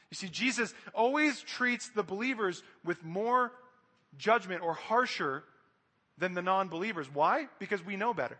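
Male preacher with a high voice, earnest and straight-talking to the church, reverberant hall. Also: expressive, moderate pace, bright, forceful tone. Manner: earnest, direct, addresses the congregation. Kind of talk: sermon.

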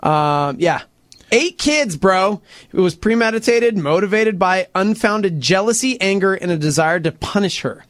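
A man casually retelling a news story to friends, animated and acting out quotes. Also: unhurried, no echo, clean studio sound. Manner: animated, puts on voices for quotes, sweeping pitch jumps. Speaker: storyteller in a podcast chat.

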